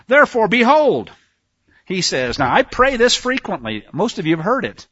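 A man preaching a sermon, reading scripture aloud and commenting with sarcastic asides, swinging between hushed passages and shouts. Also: high voice, sing-song, normal speed, husky, no room sound, lo-fi sound.

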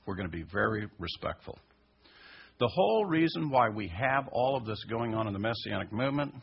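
Raspy gravelly guy preaching, swoops up high on the big points, muffled lo-fi sound. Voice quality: husky, gravelly. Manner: emphatic, rising to high stressed peaks. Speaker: Messianic teacher. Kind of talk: sermon teaching. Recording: dull lo-fi recording.

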